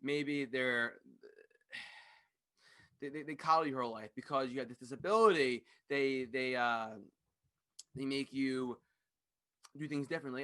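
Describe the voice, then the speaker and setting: Fast-talking, fired-up male podcast host. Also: mid-range voice. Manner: loud, passionate, profane. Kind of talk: ranting monologue. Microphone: studio microphone.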